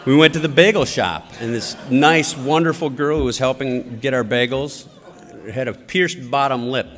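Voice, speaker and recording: A middle-aged man giving a storytelling political speech at a conference, with an animated, anecdotal delivery. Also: medium pitch, moderate pace. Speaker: conference speaker. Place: large conference hall. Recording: long hall reverb.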